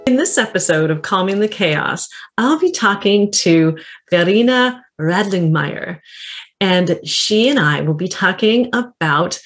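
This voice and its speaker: A woman's voice: mid-range voice, animated, a little slow. Friendly chatty woman podcast host. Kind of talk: podcast interview.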